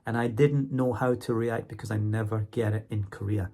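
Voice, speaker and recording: A man's voice: lowish voice, steady tone, normal speed, creaky, mellow. A man talking casually to his viewers in a vlog, chatty, often checking in with "okay?" and "right?". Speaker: vlogger and English teacher.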